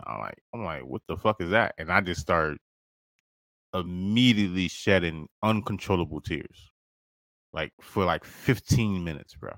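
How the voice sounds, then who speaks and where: A man's voice: low voice, normal speed, a bit bright, no echo. A man hosting a podcast, telling a personal story in casual, slangy talk, laughing often and calling the listener "bro". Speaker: podcast host.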